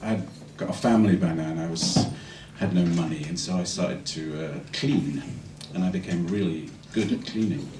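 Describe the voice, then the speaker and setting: Deep-voiced man, soft and reflective. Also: normal speed, hardly any pauses, noisy background. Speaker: musician introducing a song. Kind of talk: reflective stage storytelling. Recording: roomy, distant stage mic with music.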